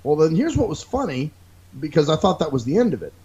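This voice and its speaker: Male podcast host, slightly high voice, animated profane storyteller, muffled lo-fi recording. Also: fast talker. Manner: animated storytelling, mimics people he quotes. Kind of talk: casual profane rant.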